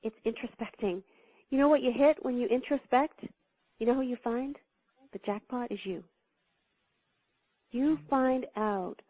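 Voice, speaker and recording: A woman spiritual teacher telling stories as an interview guest, animated and laughing, acting out the quotes she tells. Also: a little high, unhurried, pauses often, no room sound. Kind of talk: storytelling spiritual talk. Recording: thin phone-line sound, dry.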